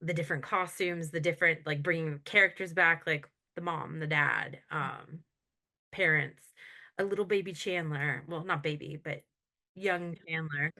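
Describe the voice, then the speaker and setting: A woman co-hosting a podcast, casually recapping a sitcom episode in an animated way and laughing often as she retells scenes. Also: deep voice, normal speed. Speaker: podcast co-host.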